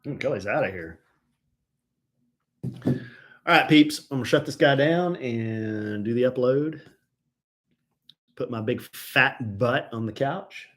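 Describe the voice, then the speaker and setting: Slow-talking playful male live-streamer. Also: mid-range voice. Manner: playful, teasing, chats to his dogs. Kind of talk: casual live-stream chat.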